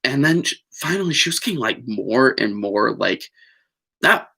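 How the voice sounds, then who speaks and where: Male vlogger, casual digressive storyteller, mid pitch, bright tense tone. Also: sing-song, normal speed, gravelly, slightly rough. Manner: chatty, digressive, many fillers and apologies. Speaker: vlogger on a live stream.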